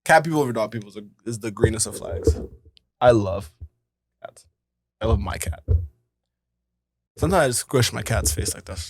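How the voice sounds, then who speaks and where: A young man co-hosting a casual podcast, slangy and animated, with loud outbursts and laughter. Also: on the low side, moderate pace, long pauses, breathy edge, dry recording. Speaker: podcast co-host. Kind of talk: casual chat.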